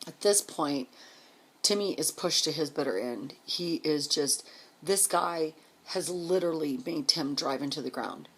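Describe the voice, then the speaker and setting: Woman vlogger, low raspy voice, profane and fast-talking storyteller. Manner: blunt, heavy swearing; rapid, emphatic delivery. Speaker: vlogger telling a life story. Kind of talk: casual storytelling.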